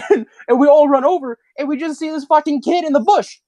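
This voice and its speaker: A young man, a podcast co-host, telling childhood stories in a casual, animated, profane way and laughing mid-story. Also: very high voice, a little fast, lo-fi sound.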